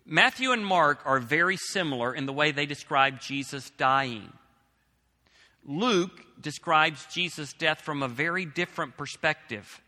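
Bright-voiced male pastor in a reverberant hall. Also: a little high, lively intonation, a little slow. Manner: reads scripture aloud, then explains it with emphasis. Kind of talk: sermon.

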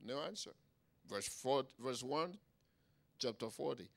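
A man preaching a sermon emphatically, swinging between quiet asides and loud exclamations and checking in with his listeners. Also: mid-range voice, big pitch swings, a little slow, gravelly. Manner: engages the audience with "Huh?" and "Is anybody getting anything?".

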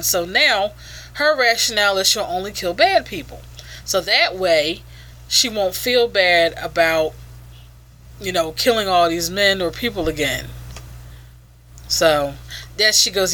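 A woman with a bright voice chats through a comic book review in a loose, informal way. She swears often and slips into dry sarcasm. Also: medium pitch, lively intonation, measured pace. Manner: casual, profane, sarcastic.

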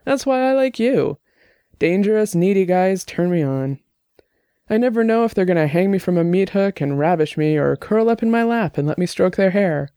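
A woman's voice: on the low side, lively intonation, moderate pace, dark tone, no room sound, studio quality, pitched above the performer's own voice. A man reading the part of a chatty young woman programmer, bubbly and teasing, in an audiobook.

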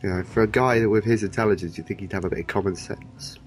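A man with a lowish voice chats casually about a TV show. He talks animatedly, jumping into quick impressions of characters, with faint music playing behind him. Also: fairly even intonation.

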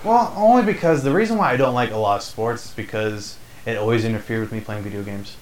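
A man in his twenties co-hosting a casual chat, rambling with halting restarts. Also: fairly low pitch, a little hiss or hum, low-quality recording. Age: 20s. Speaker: podcast co-host.

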